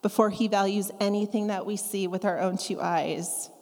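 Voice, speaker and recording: A woman preaching a sermon, talking conversationally and acting out scripture quotes with lively asides. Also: medium pitch, moderate pace. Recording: long reverb of a large hall.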